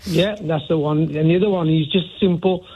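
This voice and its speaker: A male caller with a Black Country accent talks on a radio phone-in, his voice pitched a touch high. He comes through a narrow, tinny phone line. He keeps asking "yeah?" and "right?" as he goes. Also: fairly even intonation, brisk. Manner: chatty, repeats "yeah?" and "right?". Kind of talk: phone-in call.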